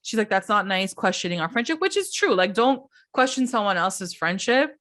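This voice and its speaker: A woman's voice: mid-range voice, moderate pace, no room sound, studio quality. Young woman podcast host, casual recap, does little voices for everyone. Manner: animated, acts out quotes in voices. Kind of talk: casual chat, reality TV recap.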